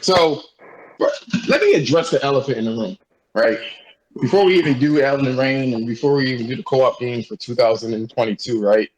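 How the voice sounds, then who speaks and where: A man's voice: mid-range voice, fairly quick, a little hiss or hum, poor audio. A man hosting a casual online chat, loose and profane, laughing easily. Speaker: host.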